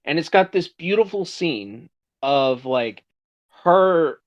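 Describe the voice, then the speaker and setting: A man's voice: on the high side, animated, slow pace. A man hosting a podcast, casually retelling a story with plenty of swearing. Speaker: podcast host. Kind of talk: casual chat. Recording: dull lo-fi sound.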